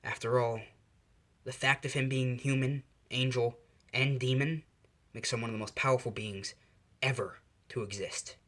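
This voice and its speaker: A man voicing a male angel father who gives long, grave warnings in a low, quiet voice, in a fan storytelling video. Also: steady tone, moderate pace, close to an everyday voice.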